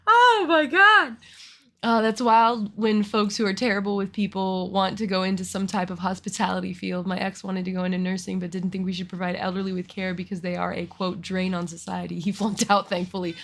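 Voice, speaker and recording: A woman's voice: medium pitch, little pitch movement, brisk, few pauses. A woman who works as a teacher, talking frankly and emphatically in a casual reaction chat, with many restarts.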